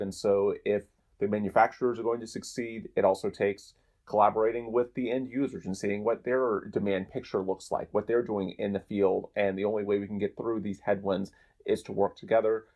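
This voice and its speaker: A man's voice: fairly low pitch, a little mellow. A man hosting a podcast, wrapping up in a conversational, rambling way. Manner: conversational, rambling, restarts mid-phrase. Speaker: podcast host. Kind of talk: podcast outro, casual talk.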